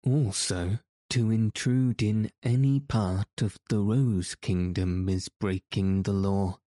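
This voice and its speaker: A man reading a storybook, voicing a squeaky, indignant little royal gardener who insists on the rules. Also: steady tone, slow, warm tone, dry recording, studio quality. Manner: indignant, self-righteous. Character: fussy little royal gardener, rule-bound and spiteful.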